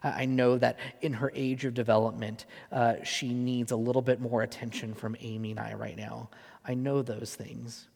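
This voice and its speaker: A man in his thirties preaches a sermon in an earnest, conversational way, often pausing on fillers. His voice has a gravelly edge at a middle pitch. The sound carries the long reverb of a large hall. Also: little pitch movement, a little mellow. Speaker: pastor.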